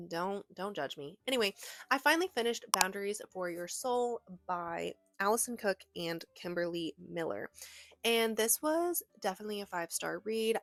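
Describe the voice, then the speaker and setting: A young woman talks casually about the books she read, gushing and rambling with lots of fillers and restarts. She records from her bedroom, and her voice sits close and dry. Faint music plays softly underneath. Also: lowish voice, no echo. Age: young adult. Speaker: book vlogger. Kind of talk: casual chat.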